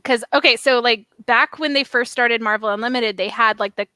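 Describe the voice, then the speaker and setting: A woman's voice: fairly high pitch, brisk, pushed and bright, smooth, dry recording. A woman chatting on a group video call, telling anecdotes. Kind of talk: casual video-call chat.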